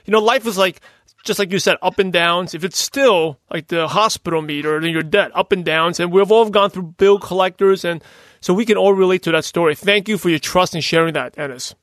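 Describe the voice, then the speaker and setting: A man's voice: sits high, a little fast, dry recording. A man hosting a podcast interview, effusive and visibly moved by his guest's story. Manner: effusive, moved, warmly encouraging. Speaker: podcast host.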